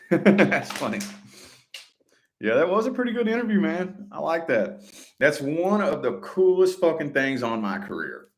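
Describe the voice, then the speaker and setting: A middle-aged man telling a story to his viewers in a casual vlog, swearing freely and getting animated when he quotes other people. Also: on the high side, normal speed. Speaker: vlogger.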